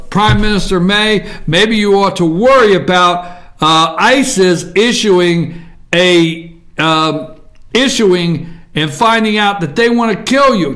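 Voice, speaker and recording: A man's voice: high-pitched, a bit bright. A man hosting a political commentary show, combative and repetitive, stretching words out for mocking emphasis. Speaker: talk show host.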